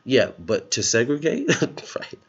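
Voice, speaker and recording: A man's voice: mid-range voice, huge pitch swings, slow, husky, highs cut off. A man giving sarcastic, casual political commentary in a vlog, often breaking into laughter at his own jokes. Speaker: political vlogger.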